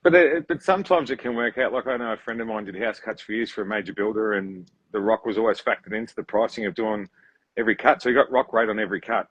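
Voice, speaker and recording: A man's voice: fairly low pitch, fairly bright tone, breathy edge, no echo, muffled recording. An Australian earthmoving contractor guesting on a podcast, talking bluntly and swearing freely while acting out his clients. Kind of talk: casual podcast chat.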